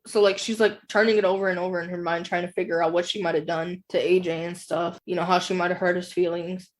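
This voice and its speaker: A woman's voice: fairly low pitch, level tone, quick pace. A woman co-hosting a casual book-club podcast, who rambles as she retells and fills her speech with "like". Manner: rambling, full of "like" fillers while retelling. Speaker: podcast co-host.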